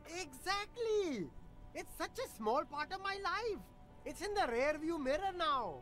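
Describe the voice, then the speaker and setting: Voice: extremely high pitch, sing-song, measured pace, a bit bright, faint music behind, exaggerated voice. A voice actor playing a defensive, boastful street vendor in a video game who keeps dodging questions with rambling denials. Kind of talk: game voice acting.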